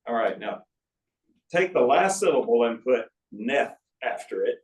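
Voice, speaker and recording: A sixty-something author with a medium-pitched, lively voice talks a little slowly to a live audience in an arts center auditorium. He shares folksy stories and asides at his book talk, heard from a distance in the roomy hall.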